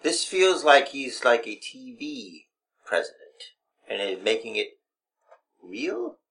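A man's voice: medium pitch, big pitch swings, slow pace, gravelly, a bit bright. A man co-hosting a podcast, speaking in a pompous, mock-regal formal way. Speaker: podcast co-host. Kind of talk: casual podcast chat.

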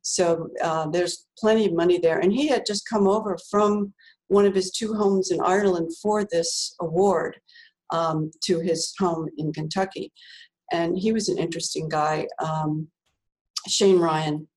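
A woman's voice: on the low side, steady tone, unhurried, a little mellow, rough recording. Middle-aged woman rambling through a story, lots of ums and giggles. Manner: chatty, laughs often, many fillers and restarts. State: tearful while remembering. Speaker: author, interview guest. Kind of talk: casual storytelling.

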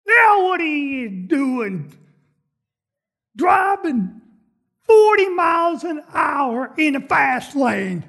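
A woman preacher playing a grumbling churchgoer who complains to God and shouts at slow drivers in a sermon skit. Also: a little high, husky. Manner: exasperated complaining, rising to shouted impatience. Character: grumbling churchgoer, impatient and easily annoyed.

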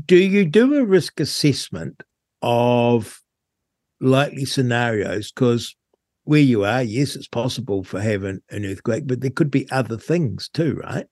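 A man's voice: mid-range voice, animated, a little slow, a little mellow, no echo, studio quality. A man, hosting talk radio in a chatty, enthusiastic way. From New Zealand. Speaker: radio host.

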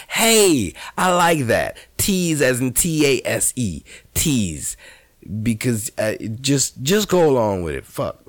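A man's voice: low voice, dry recording. A man hosting a solo podcast from home, rambling in a laid-back, profane way with lots of restarts and asides. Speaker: podcast host. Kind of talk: solo freeform podcast chat.

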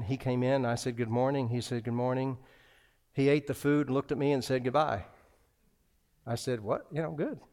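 A man's voice: mid-range voice, darkish tone. A man preaching a sermon as a pastor, telling a personal story with lots of restarts and acted-out dialogue.

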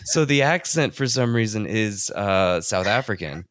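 A low-voiced man chats on a podcast, winding through his stories with lots of fillers. The sound is dry and close. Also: animated, unhurried, fairly bright tone, no echo. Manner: rambling, laughing storyteller with many fillers. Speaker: podcast co-host. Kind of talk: casual chat.

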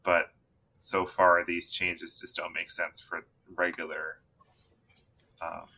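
A man with a very low voice that still rings bright and edgy. He hosts a casual gaming chat, talking loosely with plenty of ums and restarts. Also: slow, a little hiss or hum. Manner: relaxed, rambling with fillers. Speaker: podcast host.

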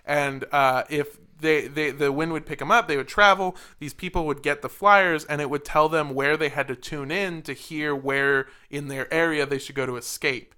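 A man's voice: fairly high pitch, normal speed, hardly any pauses, sharp tone, clear, resonant tone. A man co-hosting a podcast, rambling and jokey with a lot of swearing. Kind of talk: casual comedic chat.

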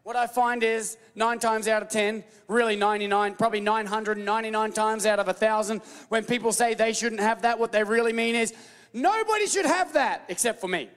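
A man with a very high voice delivers an animated, playful sermon, calling out to his congregation for replies. His words ring out with the long reverb of a large hall. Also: fairly quick, few pauses, clean tone. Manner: animated, playful preaching with call-and-response and mock voices. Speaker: pastor.

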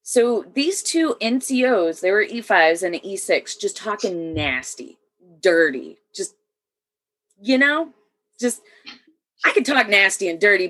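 A woman, an Army veteran, telling stories in casual chat, swearing freely and acting out the dialogue. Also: fairly high pitch. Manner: profane, animated, acts out quoted dialogue.

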